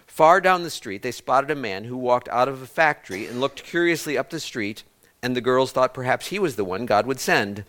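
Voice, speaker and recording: A male pastor preaching a sermon in a church, with a voice of ordinary middle pitch. He tells long stories, stops and restarts words as he goes, and turns to the congregation with questions. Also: lively intonation, moderate pace, fairly bright tone.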